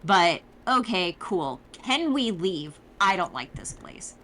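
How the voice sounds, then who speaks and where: Crude deadpan young adventurer woman, sarcastic, mid-pitched, as a woman puts her on. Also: moderate pace, slight background noise, natural voice.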